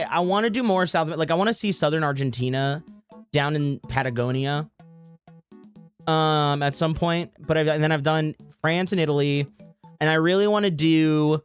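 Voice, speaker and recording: A woman's voice: deep voice, normal speed. Woman streamer talking travel with chat, rambly and sweary, music going underneath. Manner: rambling, self-interrupting, swearing. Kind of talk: casual chat with viewers.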